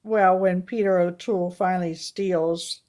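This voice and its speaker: A woman co-hosting a casual film review chat, retelling movie scenes with animated storytelling. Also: fairly low pitch, measured pace. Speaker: podcast co-host.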